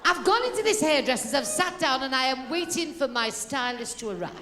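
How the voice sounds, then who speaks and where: A woman with a Liverpool accent doing stand-up comedy, telling stories deadpan with punchy asides. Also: sits high, fairly quick.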